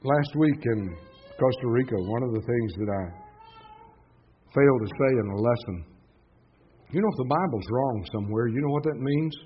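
A man preaching a sermon in an emphatic style, swinging between loud stresses and hushed asides. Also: medium pitch, normal speed, pauses often, husky. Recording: dull lo-fi sound.

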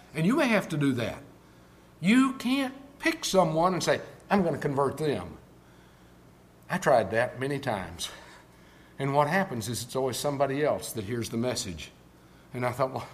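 Older man preaching, lively and emphatic. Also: medium pitch, a little hiss or hum. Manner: swings from quiet storytelling to loud emphatic preaching. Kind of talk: sermon.

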